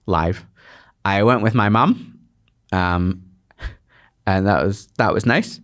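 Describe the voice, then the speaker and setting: Scottish male comedian guest, lower voice, rambling anecdotal chatter. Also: fairly bright tone. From Scotland. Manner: rambling storyteller with quick restarts. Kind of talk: casual anecdotal chat.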